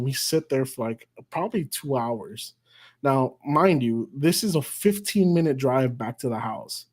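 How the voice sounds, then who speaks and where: A man's voice: fairly high pitch, darkish tone. A man hosting a live stream, telling a story in a casual, profane, rambling way and laughing at himself. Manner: profane and rambling, with frequent swearing and restarts; self-mocking, laughs at his own story.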